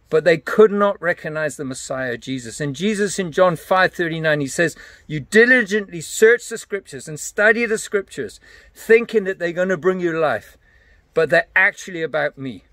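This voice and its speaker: A man's voice: on the high side, a bit bright, no room sound. Emphatic preacher man with a dry close sound. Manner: earnest, emphatic, laughs between points. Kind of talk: Bible teaching.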